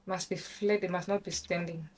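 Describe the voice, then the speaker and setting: A young woman from Namibia chatting casually in a vlog, excitable and talkative, with sudden high squeals. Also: moderate pace. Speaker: vlogger.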